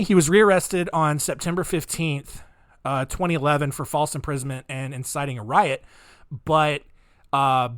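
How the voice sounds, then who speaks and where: A man with a slightly higher voice tells a true-crime story on his podcast, loose and jokey. He keeps breaking into incredulous asides. The sound is dry and close. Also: dry recording. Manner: incredulous, wry, jokey asides, frequent "um" and "all right?". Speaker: podcast host.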